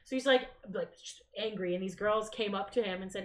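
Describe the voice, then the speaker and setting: A Canadian woman co-hosts a podcast, chatting casually and animatedly telling a story with acted-out quotes. Her mid-range voice moves fairly quickly, and the room sounds echoey.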